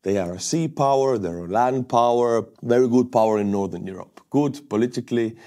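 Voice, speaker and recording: A man's voice: mid-range voice, brisk, warm tone. A young man from Estonia giving a casual, upbeat video commentary with enthusiasm. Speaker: war news vlogger.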